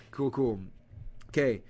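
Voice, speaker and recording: A man's voice: medium pitch, slow, slightly rough. A man presenting a live marketing webinar, talking to viewers, acting out quotes in a raised voice and using many fillers. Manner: animated, acts out audience quotes, lots of fillers.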